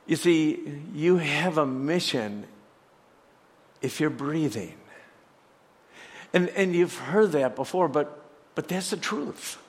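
Man, pastor, sermon, high-pitched, slow delivery, emphatic rhetorical questions, church hall reverb. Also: animated.

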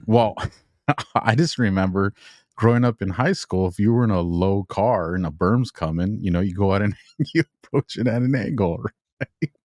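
Low-voiced man telling war stories. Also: moderate pace, a little mellow, no room sound, clean studio sound. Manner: laughing while telling a story, acts out quoted voices. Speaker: veteran guest. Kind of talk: casual storytelling.

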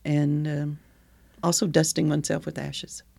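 A man's voice: fairly high pitch, little pitch movement, moderate pace, gravelly, darkish tone, no echo. A man co-hosting a podcast, chatting about a poem and word origins in a thoughtful way and laughing often. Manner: thoughtful, laughs often, reads etymology aloud. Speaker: podcast co-host. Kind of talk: casual chat about poetry.

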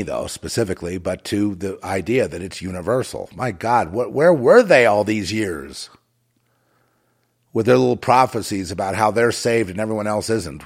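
Husky low-voiced man preaching. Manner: sardonic, digressive, moralizing. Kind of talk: rambling preachy monologue.

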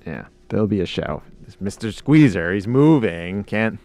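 Gravelly low-voiced man joking around. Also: lively intonation, moderate pace, darkish tone, no room sound, soft background music. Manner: joking banter, slips into mock voices. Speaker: podcast host. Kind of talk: casual chat.

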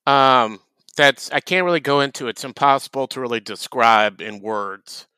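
A man co-hosting a casual podcast, trading dry deadpan jokes. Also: medium pitch, normal speed, clean tone, no echo. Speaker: podcast co-host.

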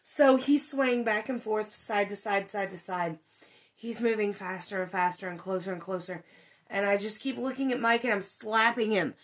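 A woman's voice: medium pitch, normal speed. A woman hosting a podcast, telling a ghost story in casual chat, with lots of fillers and some swearing. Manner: animated, many fillers, swears when excited. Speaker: podcast host.

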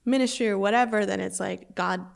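A woman's voice: medium pitch, fairly quick, vocal fry. A woman co-hosting a casual faith chat, chatty and full of filler words.

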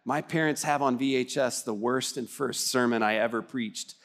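A man's voice: mid-range voice, normal speed, fairly bright tone. A man pastor from Texas preaching a livestreamed sermon in an earnest, conversational way, asking the congregation questions. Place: church, livestream service.

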